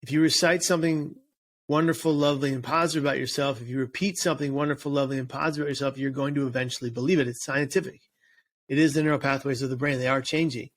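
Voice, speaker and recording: A man's voice: medium pitch, steady tone, racing. A man speaking as an interview guest and suicide prevention speaker, earnest and emphatic, often restarting and repeating words. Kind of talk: casual interview chat.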